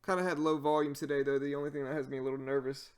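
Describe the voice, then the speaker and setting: A man with a Cajun accent talks casually on a live stream, answering chat and walking through trading ideas. His voice sits a little high for a man, and his speech is loose, with frequent fillers. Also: little pitch movement, very fast, clean tone.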